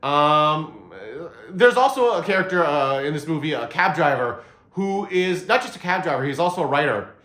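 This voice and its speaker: A man's voice: fairly high pitch, expressive, normal speed, a bit bright. A man hosting his own movie review channel, talking casually and meandering, with many filler sounds and restarts. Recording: roomy echo.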